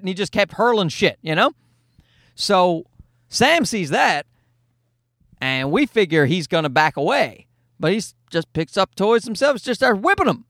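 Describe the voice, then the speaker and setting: Podcast host, man in his thirties, high voice, close dry mic, loose profane storyteller. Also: very animated, normal speed, fairly bright tone, no room sound. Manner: rambling, profane, self-deprecating storytelling. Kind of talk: casual podcast monologue.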